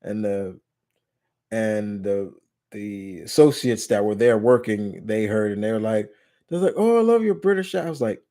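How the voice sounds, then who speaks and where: A man's voice: fairly low pitch, measured pace, dark tone. A man from New York with a New York accent, hosting a casual live Q&A stream, rambling through restarts and fillers, blunt and jokey with casual swearing. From New York, USA.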